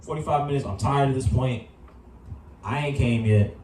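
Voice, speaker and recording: A man's voice: medium pitch, moderate pace, a little mellow, recorded from a distance, a little hiss or hum. A young man on a discussion panel, talking in rambling slang and often laughing. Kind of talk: casual panel debate. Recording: echoey room, mic from afar, crowd behind.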